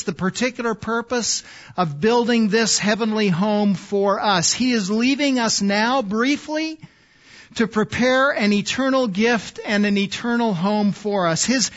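Slow, earnest high-voiced male preacher. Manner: slow, earnest, drops to soft low phrases for emphasis. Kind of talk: sermon. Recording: slightly dull, lo-fi sound.

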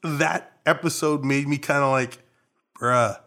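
A young man from Trinidad and Tobago with a Trinidadian accent, co-hosting a casual chat and telling stories in an animated, playful way. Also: mid-range voice, normal speed. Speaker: podcast co-host.

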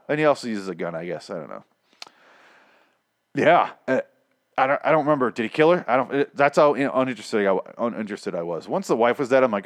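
A man's voice: on the low side, lively intonation, fast, no room sound, clean studio sound. A man giving a casual, sarcastic and profane recap of TV episodes, rambling as he goes. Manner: sarcastic, rambling, heavy swearing. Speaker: show reviewer.

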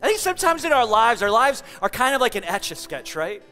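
Pastor, male, high and bright tone, conversational sermon delivery, long hall reverb, light music underneath. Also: sing-song, fairly quick. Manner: earnest, conversational, emphatic.

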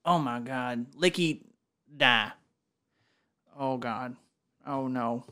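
A man playing a loud, excitable radio game show host in an improvised comedy sketch. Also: medium pitch, extremely slow, very noisy, voice pushed down. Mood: showy. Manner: yelling, hammy announcer delivery.

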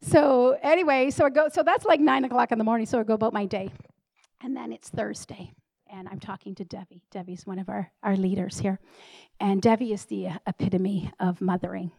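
A woman in ministry giving a lively personal testimony to a congregation, acting out the dialogue as she tells it. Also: mid-range voice, fairly quick, gravelly, no room sound, poor audio. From Canada. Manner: animated storyteller who acts out dialogue. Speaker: ministry leader.

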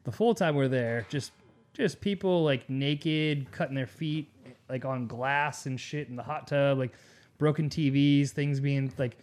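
A young man telling a long story in a casual podcast chat, profane and animated, full of fillers. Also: mid-range voice, a little slow. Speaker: podcast co-host.

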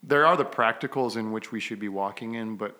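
A man co-hosting a conversational podcast, talking in halting bursts with many restarts and frequent throat-clearing. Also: fairly low pitch, bright, forceful tone. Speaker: podcast co-host and father.

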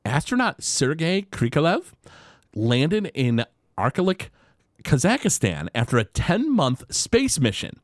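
Lively-voiced male podcast host. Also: a little high, takes it slowly, no echo, studio quality. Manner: chatty, many fillers. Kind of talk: casual chat.

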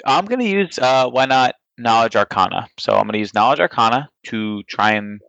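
A young man playing a tabletop game, eager and questioning, quick to laugh. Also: on the low side, bright, forceful tone, no echo, highs cut off. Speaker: player. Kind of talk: casual tabletop game chat.

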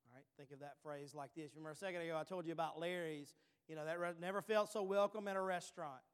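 A man's voice: on the high side, steady tone, fast talker, clear, resonant tone. A man in his thirties preaching a sermon as pastor, earnest, repeating his questions and checking in with "all right.". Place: church sanctuary. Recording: long reverb in a hall.

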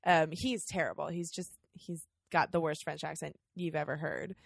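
A woman's voice: deep voice, steady tone, moderate pace, vocal fry, dry recording. Lady cohosting a podcast, laughs a lot, pokes fun at herself, dry close mic. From Canada. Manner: chatty, laughs often, self-deprecating. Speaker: podcast co-host. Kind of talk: casual chat.

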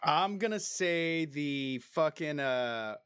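A man's voice: a little high, animated, slow pace, a bit bright, clear, resonant tone, no echo, clean studio sound. Crude, blunt man on a podcast. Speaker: podcast panelist. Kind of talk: casual chat.

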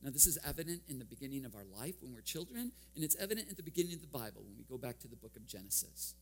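A man's voice: medium pitch, big pitch swings, racing, a little hiss or hum. A man preaching a sermon, telling personal stories with a self-deprecating, humorous touch and frequent chuckles. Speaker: guest preacher.

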